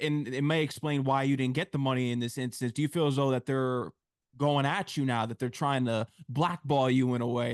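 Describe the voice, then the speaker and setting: A male interview host asks long questions that wind around and restate themselves. His voice is mid-pitched and ordinary. It is recorded close, with a dry sound. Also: dry recording.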